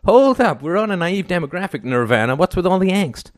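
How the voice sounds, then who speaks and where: A man reading an audiobook and voicing a glib, fast-talking male TV producer with cynical sales patter. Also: high-pitched, very animated, no room sound, clean studio sound, pitched above the performer's own voice. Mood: brash.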